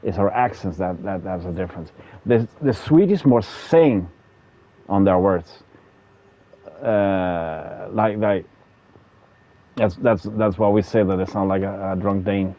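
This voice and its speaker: A man's voice: deep voice, slow pace, long pauses, warm tone. Stammering Danish man chatting on stream. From Denmark. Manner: chatty, stammering with many repeated words. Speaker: gaming streamer. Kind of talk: casual chat while playing a game.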